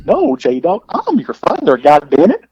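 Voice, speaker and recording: A man's voice: sits high, huge pitch swings, measured pace, a little mellow, husky, no echo, exaggerated voice. A man putting on an impression of a wrestling buddy's voice to recite movie lines. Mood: joking. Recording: dull, dry lo-fi audio.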